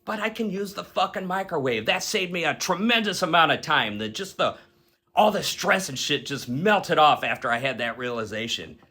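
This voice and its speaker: A man's voice: on the high side, normal speed, slightly rough. A man retelling an absurd dream in a loose, casual way, swearing often and laughing at his own story. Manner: profane, animated, laughs while telling.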